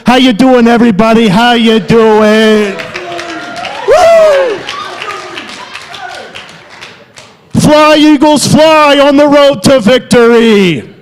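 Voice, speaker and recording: A man playing a loud, wisecracking South Philly alter ego with a thick Philadelphia accent, delivering a comic sermon. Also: a little high, a little slow, some chatter behind, close to an everyday voice. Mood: rowdy. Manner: exaggerated, wisecracking, loud street-corner banter. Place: theatre stage. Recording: long hall reverb.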